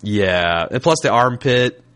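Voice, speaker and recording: A man's voice: mid-range voice, animated, slow, fairly bright tone. A man from Indianapolis hosting a podcast, chatting casually in a blunt, wry way with a lot of swearing. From Indianapolis, USA. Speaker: podcast host. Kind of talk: casual chat.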